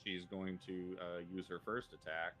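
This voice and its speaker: A man's voice: deep voice, little pitch movement, moderate pace, a bit bright. A man narrating as game master, rambling loosely with frequent ums and chuckles.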